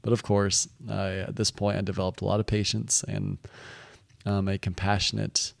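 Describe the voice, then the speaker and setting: A young man recounts his work stories in a casual, rambling monologue, with constant restarts and "he's like" asides. His voice sits low and stays quite flat in pitch. The recording is dry and close, with no room sound. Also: moderate pace, vocal fry, no echo. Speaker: vlogger recounting work experiences.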